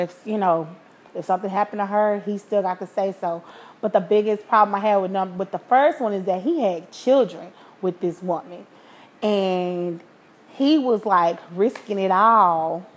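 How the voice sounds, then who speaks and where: Woman, 30s, podcast host; frank, animated, swears freely; mid pitch. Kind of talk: candid storytelling.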